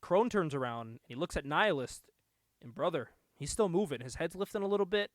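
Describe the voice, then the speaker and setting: A young man hosting a podcast, casually recapping a comic book, animated and laughing often. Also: a little high, a little fast, no room sound, clean studio sound. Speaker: podcast host.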